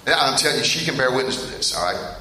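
A middle-aged man preaching a sermon in a church, talking straight to the congregation and telling stories in an animated way that gets him laughing. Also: mid-range voice, fast. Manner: storytelling, animated and laughing at funny parts; addresses the congregation directly. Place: church hall. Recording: echoey hall with faint room noise.

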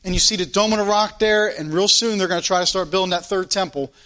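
High, bright-voiced man preaching. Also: fast talker. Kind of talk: sermon with scripture reading.

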